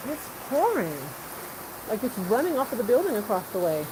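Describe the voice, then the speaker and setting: Cooking in her home kitchen as it rains outside, a woman livestreams to her viewers, laughing a lot and addressing them directly. Her voice is on the high side, very animated and brisk, and the phone on the counter captures a very noisy recording.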